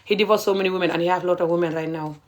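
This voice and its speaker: A woman's voice: on the low side, steady tone, very fast. A middle-aged woman, ranting passionately and indignantly to viewers on a live stream, repeating her points.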